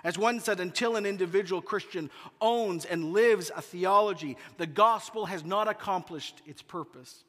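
Bright, high-voiced pastor telling stories. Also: male voice, normal speed, hardly any pauses. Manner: humorous, animated storyteller. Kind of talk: sermon with storytelling. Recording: long hall reverb.

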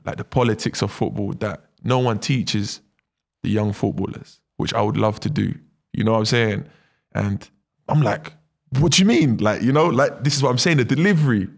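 A man, a footballer telling stories in a casual interview, animated and full of tag questions. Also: on the low side, vocal fry. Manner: animated storyteller, many fillers and tag questions. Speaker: footballer guest.

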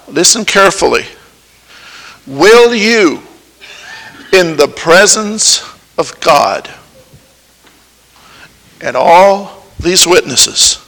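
Bright, high-voiced preacher man in hall. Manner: questions the congregation, halting restarts. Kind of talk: sermon. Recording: long hall reverb.

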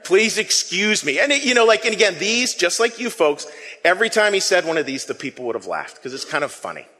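A man preaching a sermon, telling the story in a lively way with acted quotes and asides to the congregation. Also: high voice, fast, in a large hall. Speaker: pastor.

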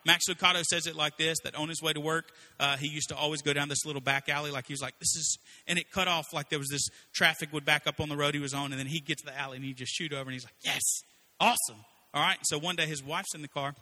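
A man's voice: a little high, quick pace, few pauses. A man preaching a sermon in a casual, conversational way, acting out quotes as he tells stories. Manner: conversational, animated storytelling with acted-out quotes.

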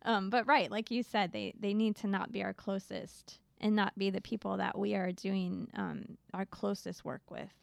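Female co-host, agreeable and affirming, slightly gravelly voice. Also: medium pitch, steady tone, moderate pace, few pauses, no room sound. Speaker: podcast co-host. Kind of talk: casual Bible-study chat.

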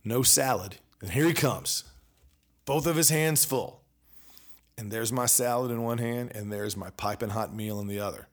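A man hosting a podcast, telling a personal story in a casual, animated way and acting out both sides of the exchanges. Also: medium pitch, normal speed. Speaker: podcast host.

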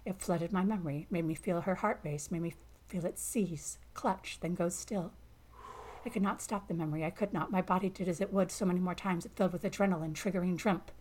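A woman narrating a first-person science fiction story in a calm, measured way. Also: on the low side.

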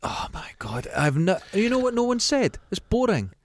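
A man's voice: sits high, very animated, normal speed. A man with a Scottish accent, co-hosting a podcast in casual, enthusiastic chat. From Scotland. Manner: chatty, enthusiastic, swears freely. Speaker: podcast co-host.

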